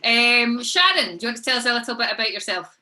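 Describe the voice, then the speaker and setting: A woman's voice: a little high, big pitch swings, fast, noisy background. A woman hosting an online book panel over a video call, chatty with frequent ums. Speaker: panel host.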